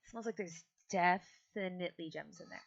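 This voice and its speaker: A woman's voice: fairly low pitch, normal speed, gravelly. A woman voicing a smug, nonchalant young winged dragon girl, on a dull lo-fi mic. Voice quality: smirking, nonchalant.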